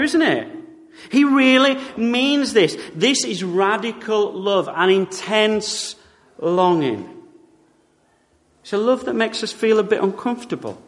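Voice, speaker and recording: A man's voice: high voice, a bit bright. A man from Britain preaching a sermon in a church, wry and conversational, with frequent tag questions. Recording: long reverb of a church hall.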